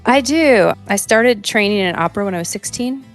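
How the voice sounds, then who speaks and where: A woman's voice: mid-range voice, animated, fairly quick, soft background music. An American woman, a musician guest talking casually and easily in an interview. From United States.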